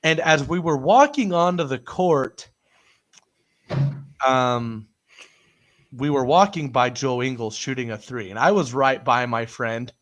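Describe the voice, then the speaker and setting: A man's voice: mid-range voice, expressive, a little slow, pauses often, fairly bright tone. A man co-hosting a casual sports chat, telling a story with frequent laughs. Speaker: podcast co-host.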